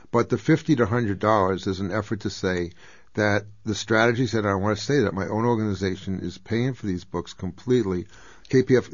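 A man with a lowish voice makes an emphatic appeal for pledges from a radio studio, pushing up into loud exclamations. The sound is dull and lo-fi, like an old broadcast, and dry with no room echo. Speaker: guest author on a radio pledge drive.

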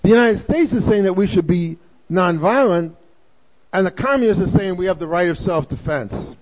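High-voiced man lecturing on a lo-fi recording. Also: expressive, moderate pace, darkish tone. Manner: storytelling, speeds up through lists. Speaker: speaker giving a political talk. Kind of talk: recorded lecture played on air. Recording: dull lo-fi recording played on radio.

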